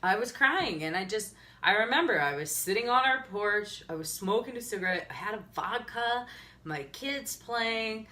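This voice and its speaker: Casting: earnest Midwestern woman, thirties, bright tone, candid live-video talk. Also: medium pitch, animated, normal speed. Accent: upper Midwestern American. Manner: candid, earnest, tearful at times, laughs often. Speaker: health and fitness coach.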